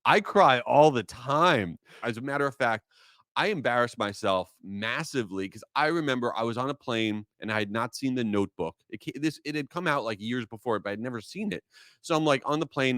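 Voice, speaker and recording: A man's voice: medium pitch, a little fast, fairly bright tone, no echo, clean studio sound. A man hosting his own podcast, talking casually with energy and enthusiasm, drifting into rambling asides. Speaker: podcast host. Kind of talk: casual solo podcast talk.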